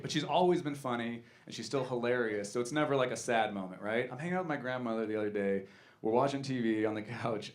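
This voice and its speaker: A man in his thirties delivers a stand-up set at a club, lively in manner and breaking into loud voices for his characters. His pitch is medium.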